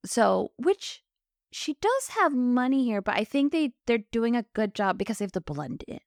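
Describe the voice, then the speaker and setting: A woman with a slightly high voice and wide pitch swings co-hosts a podcast, chatting through an episode recap at a moderate pace and acting out the characters' lines in quotes. The recording is dry and studio-clean.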